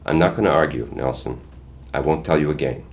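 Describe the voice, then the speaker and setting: A man voicing a firm, protective working mother who stays steady and calm, speaking gently to her children. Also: extremely low pitch, fairly quick. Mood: stern.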